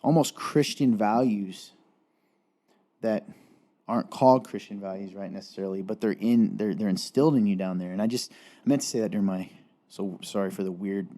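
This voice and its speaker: A young man with a Southern Appalachian drawl speaks on a casual faith podcast. His voice sits low and sounds dark and mellow. He rambles earnestly and often restarts his sentences. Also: brisk. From Eastern Kentucky. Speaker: podcast co-host.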